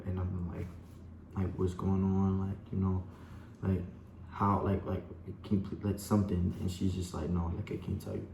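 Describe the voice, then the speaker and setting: A young man speaks in a low, dark voice, rambling through a personal story and talking straight to his viewers. His delivery stays fairly flat, and the room around him is echoey with a faint hum. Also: moderate pace, vocal fry. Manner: rambling, full of "like" and "you know", addresses viewers as y'all. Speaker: vlogger.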